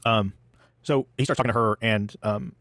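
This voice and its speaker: A man's voice: fairly low pitch, steady tone, normal speed, a bit bright, dry recording. A man hosting a podcast, recapping an episode in casual chat, rambling with fillers and acting out the characters' lines. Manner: rambling with fillers, acts out quotes. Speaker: podcast host.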